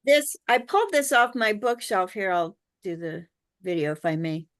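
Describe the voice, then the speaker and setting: A woman's voice: medium pitch, animated, normal speed, a bit bright. A woman on a video call, thoughtfully talking through a picture book she holds up. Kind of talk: casual group chat on a video call.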